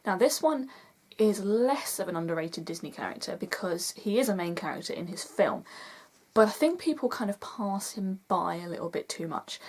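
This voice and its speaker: A woman's voice: medium pitch, a little mellow. A young woman vlogging in a chatty, enthusiastic way, gushing as she counts down a list. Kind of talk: casual vlog countdown.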